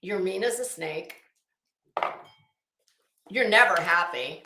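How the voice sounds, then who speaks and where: A woman's voice: on the low side, slow, noisy background. Sassy, blunt woman streamer in echoey room. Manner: sassy, blunt, profane, calls people honey. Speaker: host of a live commentary stream. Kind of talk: casual live-stream commentary.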